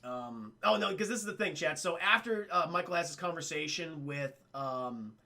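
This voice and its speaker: Streamer, male, bright and fairly high voice, chatty and profane, recaps a film live to his chat. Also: lively intonation, moderate pace. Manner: chatty, profane, retells scenes in acted quotes. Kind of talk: casual livestream film recap talking to chat.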